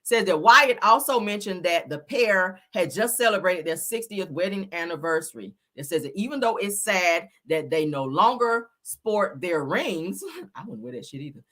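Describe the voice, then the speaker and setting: A bright, lively woman dishes celebrity gossip in sassy, profane, casual chat. She swoops up and down in pitch and acts out the people she talks about.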